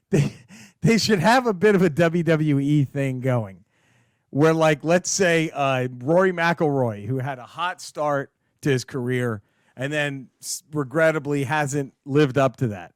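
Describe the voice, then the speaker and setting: A man co-hosting a casual podcast, swearing and laughing as he tells animated stories. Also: fairly high pitch, a little slow, dry recording, studio quality. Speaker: podcast co-host. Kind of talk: casual chat.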